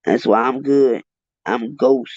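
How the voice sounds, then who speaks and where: A man's voice: mid-range voice, takes it slowly, a little mellow, no echo. A man giving heated, profane live commentary, ranting in an exasperated way on a livestream. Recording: dull lo-fi dry livestream audio.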